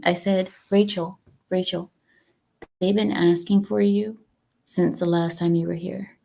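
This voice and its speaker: Slow-talking gravelly woman streamer. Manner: chatty, talks to viewers, acts out quotes with lively pitch. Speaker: livestream host. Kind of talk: casual livestream chat.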